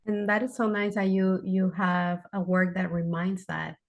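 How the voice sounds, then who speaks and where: A woman hosting a podcast interview, a native Spanish speaker, encouraging her guest with halting, restarting questions. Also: fairly low pitch, flat delivery. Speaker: podcast host.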